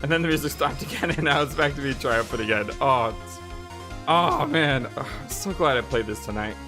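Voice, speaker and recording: A let's play host commentating on a courtroom video game, excitable, giggly and gushing. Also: mid-range voice, brisk. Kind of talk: gameplay commentary. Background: game music.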